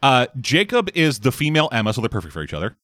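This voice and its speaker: A man's voice: mid-range voice, quick pace, dry recording, studio quality. A man in casual chat, bluntly and profanely tearing into a game. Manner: blunt, profane, animated critique.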